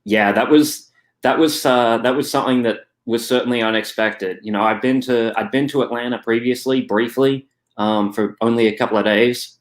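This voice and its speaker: A man's voice: mid-range voice, fairly even intonation, normal speed. A young Australian man answering interview questions in a casual, hesitant way, full of fillers and restarts. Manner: hesitant, many "you know" fillers and restarts. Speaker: guest.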